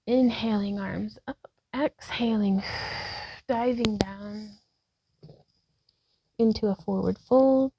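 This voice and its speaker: Slow and creaky, with long pauses, a woman's mid-range voice leads a home yoga session by a wall indoors. She calls out breaths and poses, talks to herself, gets breathless now and then, and laughs at herself while chatting easily between cues. Background noise is audible.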